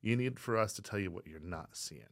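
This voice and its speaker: A man's voice: on the low side, animated, brisk, dry recording, clean studio sound. A man co-hosting a real estate podcast, talking emphatically and often tagging his points with a question. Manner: emphatic, keeps adding "right?". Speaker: real estate agent and co-host. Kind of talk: casual chat.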